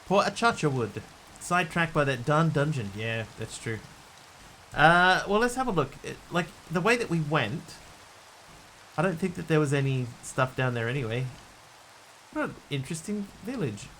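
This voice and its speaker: A man's voice: a little high, lively intonation, moderate pace, pushed and bright, a little hiss or hum. A man streaming a video game live, chatting casually and thinking aloud in muttered asides. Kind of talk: casual live gameplay commentary.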